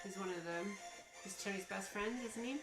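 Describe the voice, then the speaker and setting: A woman's voice: mid-range voice, music in the background. A woman co-hosting a stream who teases her friend in casual chat and laughs easily. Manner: teasing, quick to laugh. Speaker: stream co-host.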